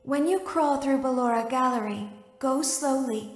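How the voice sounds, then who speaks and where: A woman voicing a calm female animatronic guide who gives measured, soothing instructions in a game. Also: sits high, close to an everyday voice. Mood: calm, eerie. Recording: echoey hall with faint music.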